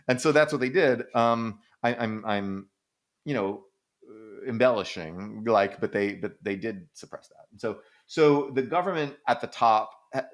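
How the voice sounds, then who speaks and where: A man with a somewhat low voice talks loosely on a podcast, piling up fillers and restarts. He tells stories animatedly, swears casually and laughs now and then. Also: normal speed. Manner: rambling, animated storytelling with frequent "like" and casual swearing; acts out quoted people in exaggerated voices, laughs often. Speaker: podcast co-host answering listener questions.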